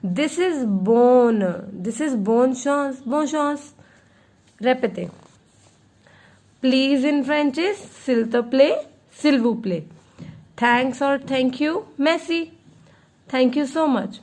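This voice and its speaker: Female French teacher, high voice, unhurried delivery that repeats each word for beginners. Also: lively intonation, darkish tone. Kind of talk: beginner language lesson.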